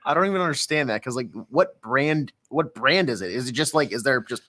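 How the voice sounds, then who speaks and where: A man's voice: mid-range voice, animated, fairly quick, bright, forceful tone. A man on a radio show's crew, rambling through a story with plenty of fillers. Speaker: show crew member. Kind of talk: casual studio banter.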